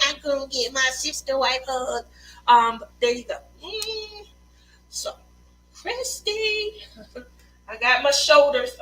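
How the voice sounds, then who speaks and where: A woman's voice: sits high, pushed and bright, rough recording. A woman hosting a casual craft livestream, chatting loosely, laughing often and reading out viewer comments. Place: Las Vegas.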